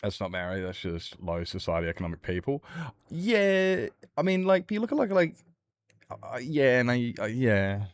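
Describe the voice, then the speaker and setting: A man's voice: medium pitch, sing-song, normal speed, no room sound, studio quality. A young man streaming a game, chatting casually with chat in a rambling, blunt way and swearing freely. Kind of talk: casual chat while gaming.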